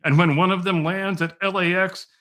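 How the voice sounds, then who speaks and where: A man's voice: sits high, steady tone, normal speed, fairly bright tone. A man hosting a podcast, delivering a scripted monologue with dry, mock-patient sarcasm. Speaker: podcast host.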